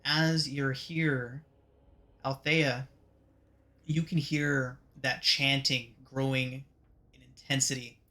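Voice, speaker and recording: A man narrating a tabletop game as game master, in a measured, descriptive way. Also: mid-range voice, little pitch movement, bright, forceful tone.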